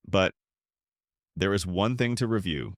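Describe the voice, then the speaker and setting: A man reading the lines of a calm, earnest male airline captain in a low, lively voice. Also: measured pace, dry recording, studio quality.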